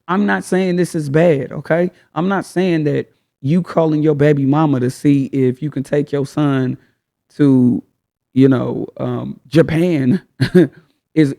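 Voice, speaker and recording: A man's voice: fairly high pitch, a little slow, vocal fry, dark tone. A man hosting a casual advice talk, speaking frankly in slang and firing off rhetorical questions. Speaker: host.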